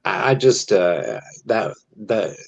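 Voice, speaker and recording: A man with a very deep, husky voice chats slowly and haltingly, laughing between words. The sound is dry, dull and lo-fi. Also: sing-song. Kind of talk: casual chat.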